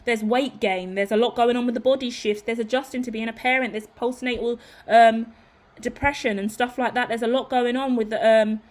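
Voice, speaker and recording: Woman, tarot reader, casual rambling delivery with a flat, even pitch and frequent check-ins with viewers. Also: brisk. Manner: chatty, rambling, keeps checking in with "okay?".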